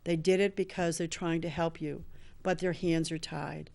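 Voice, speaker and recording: A woman's voice: low-pitched, fairly even intonation, moderate pace, vocal fry, darkish tone. An older woman in recovery telling a personal story earnestly, acting out the lines of the people in it. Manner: earnest, acts out dialogue in quotes. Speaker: show host sharing a personal story.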